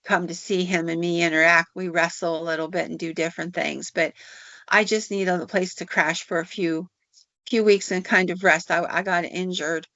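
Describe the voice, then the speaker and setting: A woman's voice: lowish voice, steady tone, normal speed, fairly bright tone, no room sound. A woman voicing a wandering man who travels with a tame bear, speaking in a plain, folksy way as he asks for a place to stay. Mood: pleading. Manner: folksy, plain-spoken, asking a favor. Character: drifting male bear showman, worn and pleading. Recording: dull, dry recording.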